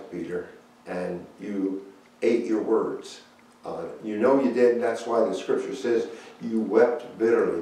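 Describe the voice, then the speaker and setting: A man teaching an adult Sunday school Bible lesson in a church room, telling the story in an unhurried, reflective way with pauses. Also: mid-range voice, darkish tone. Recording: very echoey room, mic far off.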